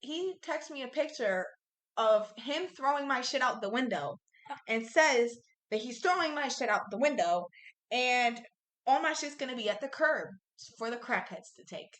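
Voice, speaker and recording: High, bright woman swearing through a story. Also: lively intonation, moderate pace. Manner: profane, blunt storytelling. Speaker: podcast co-host. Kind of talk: casual storytelling chat. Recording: echoey room.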